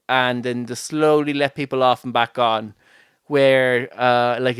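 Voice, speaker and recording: A man's voice: medium pitch, a bit bright, clean tone, no room sound, clean studio sound. A man hosting a podcast from home, chatting casually with lots of fillers and frequent laughter. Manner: rambling, many fillers, laughs often. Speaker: podcast host. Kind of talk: casual chat.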